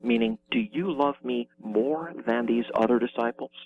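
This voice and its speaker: A man as an interview guest, explaining with emphatic energy and quick restarts. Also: medium pitch, gravelly, narrow, tinny audio, background noise. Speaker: guest explaining biblical evidence.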